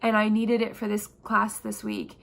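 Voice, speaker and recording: A woman's voice: mid-range voice, monotone, normal speed, gravelly, fairly bright tone. A young woman acting coach chatting casually to camera in an upbeat, self-assured way. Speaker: actor vlogger.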